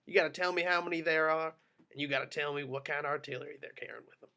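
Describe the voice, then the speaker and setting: Bright-voiced man reading a hard-nosed officer. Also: a little high, fairly even intonation, very fast, creaky, clear, resonant tone. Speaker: reader of Aldo.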